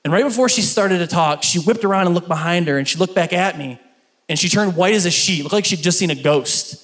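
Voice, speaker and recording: Man, middle-aged comedian, from Kentucky, stage storytelling, punchy delivery, light high voice. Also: fairly quick, fairly bright tone. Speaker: stand-up comedian. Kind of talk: stand-up routine, then interview. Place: stage before a live audience.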